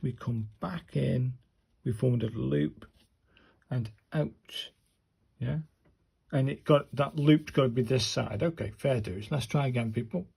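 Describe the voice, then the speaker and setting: A man's voice: medium pitch, gravelly, mellow, slightly rough. A man, talking viewers through handwriting practice in a chatty way and muttering to himself as he writes. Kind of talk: casual talk-through while writing.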